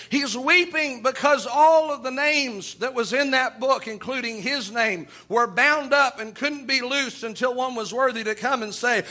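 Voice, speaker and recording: A man's voice: very high-pitched, moderate pace, few pauses, bright, forceful tone. A man preaching a sermon in a church, reading scripture aloud and adding folksy asides. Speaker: pastor.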